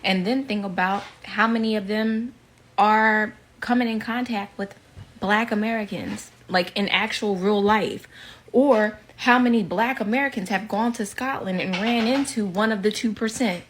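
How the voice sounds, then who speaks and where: Woman, casual social-media commentary, blunt reasoning-aloud tone, medium pitch. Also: moderate pace, a little hiss or hum.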